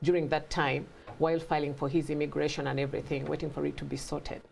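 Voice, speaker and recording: A woman's voice: low voice, level tone, fast, vocal fry, darkish tone, a little hiss or hum. A middle-aged woman with a mixed African and British accent, a guest telling her story in a conversational interview and acting out quoted voices.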